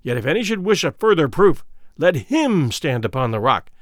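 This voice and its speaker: A man voicing a cautious, wary old tribal elder who speaks gravely and pleads. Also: on the high side, big pitch swings, moderate pace, dry recording, studio quality. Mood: hasty.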